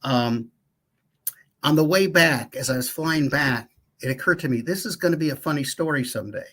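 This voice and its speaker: A man guesting on an interview, talking through a story at an easy, reflective pace. His voice is husky and slightly breathy. He pauses on fillers while he thinks. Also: on the high side, fairly bright tone. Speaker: guest, professional speaker. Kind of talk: casual interview chat.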